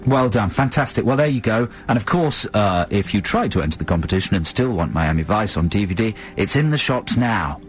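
A man's voice: fairly low pitch, brisk, hardly any pauses. A man co-hosting a radio show, chatting casually with lots of laughter. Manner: chatty, lively banter with frequent laughs. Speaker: radio co-host. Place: radio studio.

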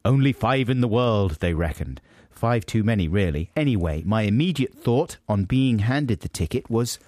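A man's voice: lowish voice, lively intonation, normal speed, hardly any pauses, darkish tone, dry recording. A man co-hosting a podcast, reading out a listener's letter in a casual, jokey way with dry asides. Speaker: podcast co-host.

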